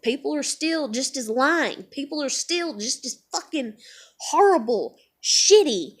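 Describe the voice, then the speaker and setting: A middle-aged woman ranting to camera, heated and profane, full of rhetorical questions and repeated phrases, upset and tired. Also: on the high side. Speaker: vlogger. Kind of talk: unscripted emotional rant to camera.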